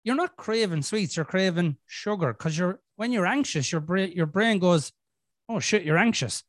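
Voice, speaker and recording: A man's voice: sits high, animated, normal speed, dry recording, studio quality. A middle-aged Irish man hosting a podcast, telling a story in casual chat, swearing a lot and acting out his inner voices. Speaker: podcast host.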